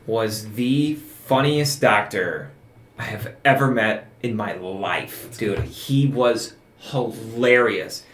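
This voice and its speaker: A man's voice: fairly low pitch, slow, a bit bright. A young man co-hosting a podcast, telling a story casually, laughing often and saying "dude" a lot. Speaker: podcast co-host. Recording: roomy echo, faint hiss.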